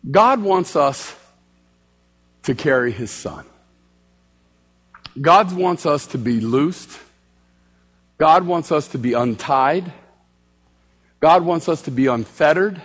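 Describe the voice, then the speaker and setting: Male preacher, high lively voice, storytelling sermon, church reverb. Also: slow pace, pauses often. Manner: animated, acts out both sides of dialogue. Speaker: street preacher.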